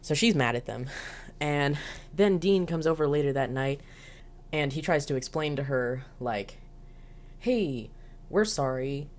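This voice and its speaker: Very low-voiced chatty woman. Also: normal speed, darkish tone. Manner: chatty, filler-heavy, giggly asides. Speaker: show reviewer. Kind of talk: casual episode recap.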